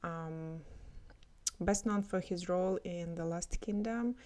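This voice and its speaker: Woman doing a lesson vlog, bit low voiced, casual, says um a lot. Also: slow, mellow. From Russia. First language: Russian. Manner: explanatory, casual, many filler ums. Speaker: language teacher.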